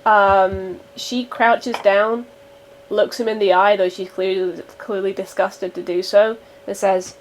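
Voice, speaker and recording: A woman's voice: medium pitch, little pitch movement, slow, poor audio. A woman playing a tabletop role-playing game, casually narrating her character's actions. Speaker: player.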